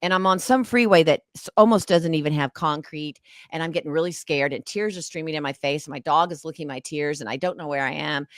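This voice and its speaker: An animated woman with a slightly low voice tells an emotional personal story as an interview guest. She recounts it dramatically. The sound is close and dry. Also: fairly quick, few pauses, dry recording. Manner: animated, dramatic, acts out past conversations. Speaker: guest, actress and author.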